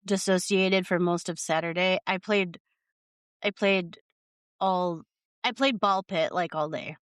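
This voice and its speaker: Woman podcast co-host, smooth low-ish voice, hesitant and rambling, dry close sound. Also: measured pace, dry recording. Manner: hesitant, rambling, lots of fillers and restarts. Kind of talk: casual chat.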